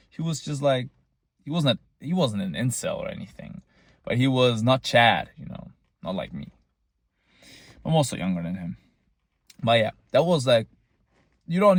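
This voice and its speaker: A man's voice: mid-range voice, dry recording. A young man, rambling casually in a boastful, tongue-in-cheek monologue. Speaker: vlogger.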